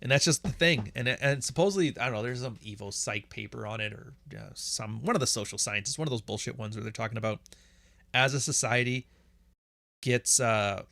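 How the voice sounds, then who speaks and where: Blunt, bright-voiced Canadian man. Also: mid-range voice, fairly quick, creaky, dry recording. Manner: blunt, profane and sarcastic, laughs often. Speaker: podcast host answering chat questions. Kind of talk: casual livestream chat.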